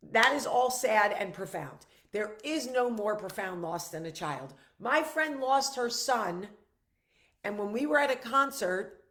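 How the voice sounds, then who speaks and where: A woman's voice: fairly high pitch, fairly bright tone. A middle-aged woman hosting her own vlog, talking candidly to viewers, blunt and emphatic with frequent swearing, earnest and reassuring. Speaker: vlog host.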